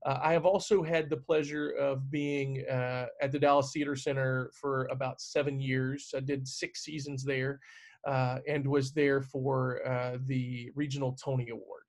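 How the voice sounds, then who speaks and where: A man's voice: mid-range voice, little pitch movement, unhurried. A middle-aged man, a stage manager, chatting casually on a video call, with lots of fillers and restarts. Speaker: guest stage manager answering questions.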